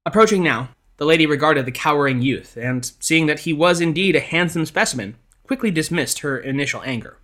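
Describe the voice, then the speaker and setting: Man narrating a ghost tale, expressive. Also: fairly high pitch. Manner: measured, expressive reading. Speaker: podcast narrator. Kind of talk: scripted storytelling narration.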